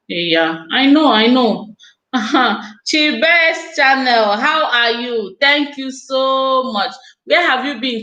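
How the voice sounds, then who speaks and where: A woman's voice: a little high, fairly bright tone, echoey room, low-quality recording. A woman hosting a casual live stream, chatting effusively and speaking straight to her viewers.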